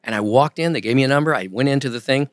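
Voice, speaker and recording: A man's voice: medium pitch, racing, no room sound. A man telling stories as a guest on an interview podcast, acting out the voices of the people he quotes. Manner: animated storyteller, acts out quoted voices. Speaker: guest, ventriloquist and impressionist. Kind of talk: casual interview storytelling. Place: podcast studio.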